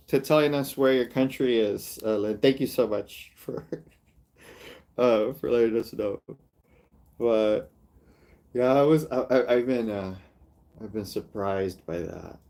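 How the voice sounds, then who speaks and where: A man's voice: medium pitch, darkish tone. A male artist and comedian in casual livestream chat, rambling and mocking, with frequent laughs.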